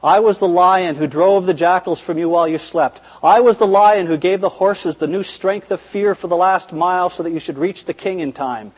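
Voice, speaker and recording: A man voicing a vast, calm and wise lion king in a deep, low voice, speaking slowly and solemnly. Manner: slow, solemn, measured. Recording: reverberant church hall.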